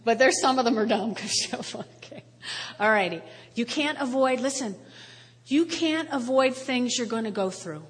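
A woman in her fifties, a pastor preaching a sermon with animated, playful storytelling. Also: fairly high pitch, moderate pace, husky. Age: 50s. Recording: reverberant hall.

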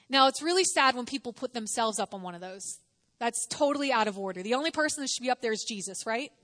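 A woman's voice: fairly high pitch, a bit bright. A woman preaching a sermon in a conversational way, asking the audience questions and acting out quotes.

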